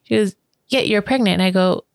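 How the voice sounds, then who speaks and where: A woman telling a personal story in casual chat, animated, full of fillers, acting out quoted voices with big pitch jumps. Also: fairly quick, gravelly, no echo, studio quality. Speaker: interview guest.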